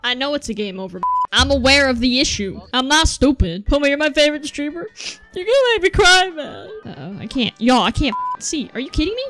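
A young woman chatting through a platform game, her voice high and bright. It swings widely in pitch as she yelps, swears and laughs at her own mistakes. Faint game music plays underneath. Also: quick pace, hardly any pauses. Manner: excitable, swears often, yelps and laughs at mishaps. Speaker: gameplay streamer. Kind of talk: casual gameplay commentary.

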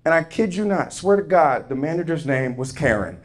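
A young man does a stand-up set on a comedy club stage before a live audience, telling a story and playing both sides of a conversation. His slightly high voice has lively intonation and a moderate pace. Audience laughter and slight background noise can be heard.

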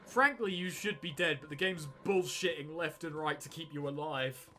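A man's voice: on the high side, moderate pace, sharp tone. A man commentating on a game with friends, sarcastic and mocking in casual banter. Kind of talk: casual let's play banter.

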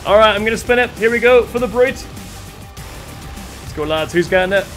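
A man commentating a live game stream with excitable energy and a slightly strained voice, thanking viewers as he goes. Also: sits high, brisk, faint music behind.

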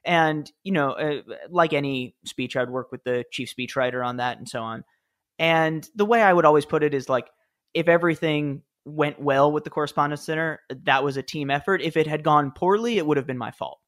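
A man's voice: on the high side, brisk, fairly bright tone. Chatty man telling stories in an interview. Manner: chatty, with fillers and laughs. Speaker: podcast guest, former speechwriter. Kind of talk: casual interview storytelling.

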